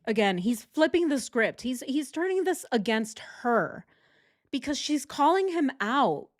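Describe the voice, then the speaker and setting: A woman's voice: high-pitched, big pitch swings, measured pace, no echo, clean studio sound. A young adult woman giving sarcastic, exasperated true crime commentary while reading text messages aloud.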